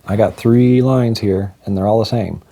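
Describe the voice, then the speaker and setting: A man voicing a patient, matter-of-fact male doctor who asks calm, repetitive questions. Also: fairly low pitch, normal speed, vocal fry. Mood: earnest.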